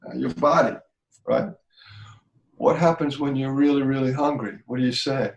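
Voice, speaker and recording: A man's voice: medium pitch, moderate pace, creaky, echoey room, muffled recording. A man teaching a healing practice in conversation, earnest and repetitive, often checking that he is understood.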